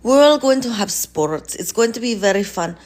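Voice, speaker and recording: A woman playing a boastful male Russian strongman leader in broken English, with a mock Russian accent, pompous and slow. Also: on the high side, animated, a little mellow, natural voice. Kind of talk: comedy sketch impression.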